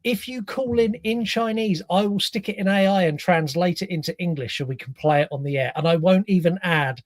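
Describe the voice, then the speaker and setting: A man co-hosting a podcast, with a voice a bit higher than most men's. He talks in expressive casual chat, swears freely and acts out small lines as he tells them. The sound is dry and up close. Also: brisk, dry recording. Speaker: podcast co-host.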